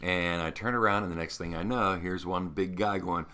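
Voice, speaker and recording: A middle-aged man, a veteran radio host, telling animated anecdotes in casual conversation and acting out other people's lines. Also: low voice, moderate pace. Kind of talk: casual storytelling.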